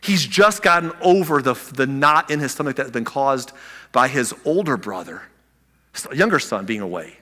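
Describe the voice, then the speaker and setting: A man preaching a sermon as pastor, animated, acting out the people in the story with big swings in loudness. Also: medium pitch, moderate pace, in a large hall.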